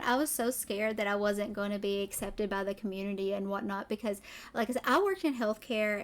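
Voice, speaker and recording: Woman, Southern accent, excitable, rambling, slightly high voice. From Tennessee. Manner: excitable, rambling, goes off on tangents. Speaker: streamer. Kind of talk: casual chat.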